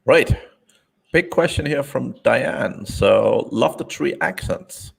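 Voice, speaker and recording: A man's voice: mid-range voice, expressive, slow pace, gravelly, husky. A man with a Scottish accent hosting a livestream Q&A, reading viewer questions aloud with joking asides. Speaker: host reading audience questions. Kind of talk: casual livestream Q&A.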